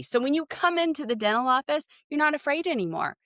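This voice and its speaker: A woman's voice: sits high, very animated, quick pace, hardly any pauses, no echo, clean studio sound. A middle-aged woman, a dental consultant, talking earnestly in a podcast interview and acting out her exchanges with patients. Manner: warm, earnest storyteller who acts out patient exchanges.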